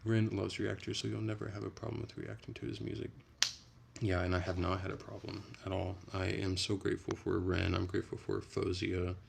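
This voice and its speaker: A young man on a casual late-night livestream, reading chat and rambling in a relaxed, soft-spoken way. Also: sits low, a little fast, vocal fry, noisy background.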